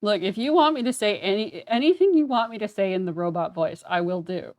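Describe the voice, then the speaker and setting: A woman's voice: mid-range voice, animated, brisk, a little mellow. A young woman chatting casually while playing a game on stream, self-deprecating and full of fillers. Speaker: let's play streamer. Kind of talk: casual gameplay commentary.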